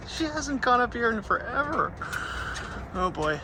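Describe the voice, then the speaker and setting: A man's voice: sing-song, a little fast. Chatty man vlogging outdoors, noisy. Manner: chatty, rambling, coaxes his dog in a high voice. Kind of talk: casual vlog narration. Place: outdoors on a walk in a field and playground. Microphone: phone camera held in hand. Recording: noisy outdoor phone recording.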